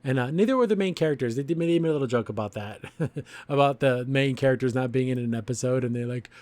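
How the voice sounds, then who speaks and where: A man hosts a relaxed cartoon review podcast, rambling loosely through the plot and breaking into chuckles as he goes. His voice sits at an ordinary middle pitch. The sound is dry and close, with almost no room around it. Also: quick pace, no echo. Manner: rambling, chuckles often while retelling scenes. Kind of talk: casual review commentary.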